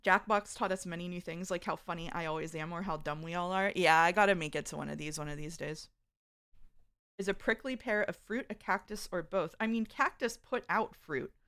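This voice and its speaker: A woman's voice: on the low side, fairly quick, a bit bright. A woman streamer chatting casually with her viewers, reading out their messages and laughing often. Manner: reads chat aloud, chatty and giggly. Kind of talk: casual live-stream chat.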